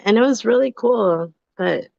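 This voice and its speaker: A woman co-hosting a live podcast, telling stories in a chatty, animated way full of fillers. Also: on the high side, normal speed, vocal fry, no echo, dull audio. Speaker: podcast co-host. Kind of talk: casual live podcast chat.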